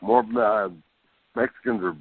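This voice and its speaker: A man co-hosts a casual talk show, jumping in and restarting his sentences as he goes. The sound is dry and thin, like a phone call. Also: no echo. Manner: talks over others, halting restarts. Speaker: co-host. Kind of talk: casual chat.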